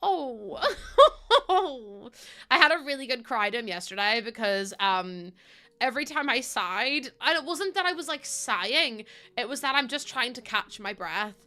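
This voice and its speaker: A woman's voice: on the high side, expressive, measured pace, sharp tone. A young woman streaming a game, chatting casually while laughing often and swearing freely. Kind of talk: casual chat while gaming.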